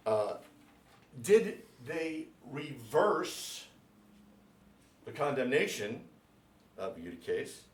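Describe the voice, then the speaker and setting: A man lecturing as a priest before a small class, unhurried and measured, pausing to spell out difficult names letter by letter. His voice sits at an ordinary middle pitch and rings out in an echoey room, picked up from some distance away.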